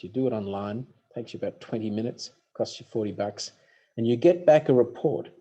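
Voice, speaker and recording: A man's voice: medium pitch, dark tone, husky. A man giving a motivational talk from a stage, punchy and humorous as he tells stories. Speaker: speaker.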